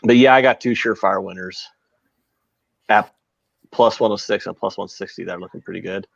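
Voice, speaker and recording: Gravelly, brash American podcast host. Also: male voice, fairly low pitch, normal speed, dry recording, dull audio. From United States. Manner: brash, profane, rambling. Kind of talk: casual live betting podcast chat.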